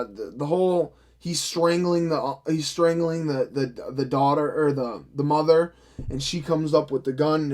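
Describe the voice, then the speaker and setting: Young guy ranting about a movie, high voice, swears a lot, super sarcastic and fed up. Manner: profane, sarcastic, exasperated. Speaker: film reviewer. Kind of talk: ranting vlog review.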